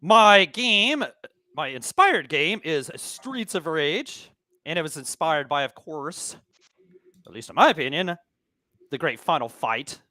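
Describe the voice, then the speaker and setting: A man's voice: on the high side, animated, a little slow, pushed and bright, no room sound. A man from the United States, enthusiastically reminiscing about arcade games on a podcast. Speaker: podcast co-host. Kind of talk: casual chat about games.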